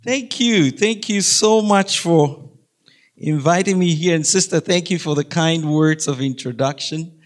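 A man's voice: on the high side, unhurried. A middle-aged man giving a humorous faith talk to a school audience, chatty and laughing, often asking the listeners questions. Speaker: guest speaker.

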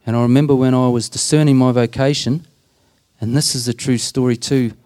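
Fairly quick and a little mellow, this medium-pitched, steady voice belongs to a deacon and prison minister. He tells stories in an interview, earnest and plain-spoken, acting out the conversations.

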